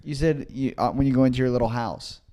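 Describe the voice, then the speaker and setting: A young man with a mid-range voice co-hosts a casual podcast. He keeps his replies short and teases his friend in a dry, deadpan way. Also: medium pitch, quick pace. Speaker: podcast co-host. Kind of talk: casual chat.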